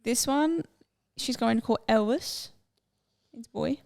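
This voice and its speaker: A young woman co-hosts a podcast in a loose, chatty way, drifting from one topic to another. Her voice sits a little high and carries a steady gravelly fry. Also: a little slow. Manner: chatty, rambling, easily sidetracked. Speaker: podcast co-host. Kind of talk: casual chat.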